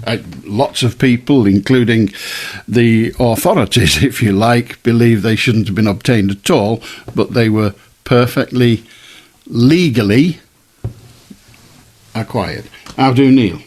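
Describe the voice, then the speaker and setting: Male late-night phone-in host, husky, blunt and talkative with callers. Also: mid-range voice, unhurried, darkish tone. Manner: firm, blunt, chatty.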